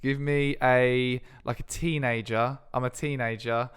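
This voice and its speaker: A man's voice: mid-range voice, steady tone, clear, resonant tone. A man co-hosting a podcast in casual chat, asking probing questions and playfully egging his partner on. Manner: probing, playful, quick to laugh along. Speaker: podcast co-host.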